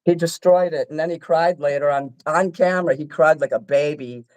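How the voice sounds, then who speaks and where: A man's voice: on the high side, normal speed, over a noisy crowd, rough recording. A man ranting angrily and profanely about a friend, repeating himself and talking over the other person. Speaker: artist ranting on a call-in show. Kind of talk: agitated rambling rant.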